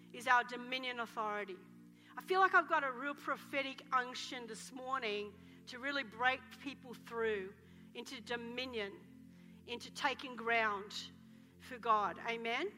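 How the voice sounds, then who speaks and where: A woman pastor preaching a passionate sermon, telling dramatic stories and breaking into shouts of praise in a church. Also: fairly high pitch, moderate pace. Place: church hall. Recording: reverberant hall with soft music.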